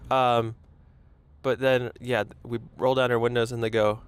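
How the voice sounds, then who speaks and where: A man's voice: medium pitch, level tone, normal speed, clear, resonant tone. Rambling self-conscious young man driving. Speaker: podcast host. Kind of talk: casual solo chat while driving. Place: in a car in traffic. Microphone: lapel mic. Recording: faint road noise.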